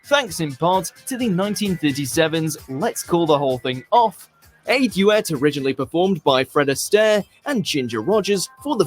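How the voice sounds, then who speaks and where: A British man reading a scripted list-video narration with dry, lightly joking delivery. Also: high voice. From Britain.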